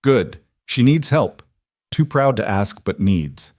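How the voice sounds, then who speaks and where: A man voicing a stern, brisk elderly farm wife with a Norwegian accent and blunt broken English. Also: on the low side, big pitch swings, a little mellow, no echo, studio quality, exaggerated voice. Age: older.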